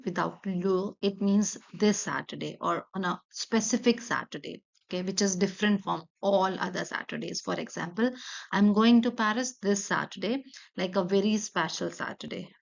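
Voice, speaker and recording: A woman's voice: mid-range voice, moderate pace, gravelly, muffled recording. Patient woman teaching a French lesson. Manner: patient, explains step by step with repeated examples. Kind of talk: online language lesson.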